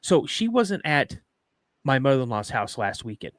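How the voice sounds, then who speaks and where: A man's voice: medium pitch, very animated, moderate pace, no echo, studio quality. A middle-aged man hosting a podcast, chatting casually with rambling jokes and reading a listener's story aloud. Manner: rambling, joking, restarts sentences. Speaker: podcast host.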